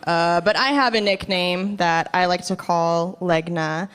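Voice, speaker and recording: A woman performing a stand-up comedy routine, delivering deadpan jokes. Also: fairly low pitch, a little slow, clean tone.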